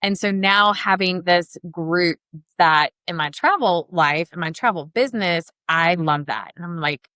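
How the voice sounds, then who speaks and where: A woman's voice: lowish voice, measured pace, pushed and bright, smooth, no room sound. A woman with a Southern accent, co-hosting a podcast in upbeat, chatty talk full of fillers. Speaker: podcast co-host, travel advisor. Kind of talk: casual podcast chat.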